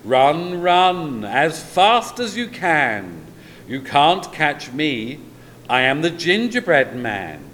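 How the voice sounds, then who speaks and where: Cheeky storybook gingerbread man, raised sing-song chant, loud; a man plays it. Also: on the high side, very animated, takes it slowly, long reverb tail, slight background noise, voice pushed up, exaggerated voice. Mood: taunting. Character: cheeky runaway gingerbread man, small, boastful.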